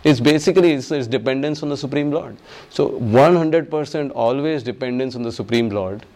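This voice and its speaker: A man teaching a devotional class on scripture. He speaks with emphasis and often repeats his key phrases, and he voices the people he quotes. His pitch sits in an ordinary middle range. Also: a little mellow. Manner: chants verses slowly.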